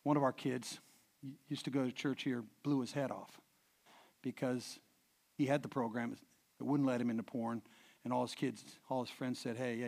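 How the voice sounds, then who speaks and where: A middle-aged man preaching a sermon, telling stories with many restarts and repeated words, dropping quiet and then swelling loud for emphasis. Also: medium pitch, creaky. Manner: animated storyteller, swings from hushed to loud emphasis. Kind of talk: sermon with anecdotes.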